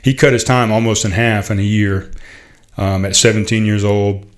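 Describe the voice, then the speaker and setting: A middle-aged man hosting a podcast, telling a heartfelt story in a halting, casual way, full of fillers and restarts. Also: lowish voice, fairly even intonation. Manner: heartfelt, proud. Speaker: podcast host.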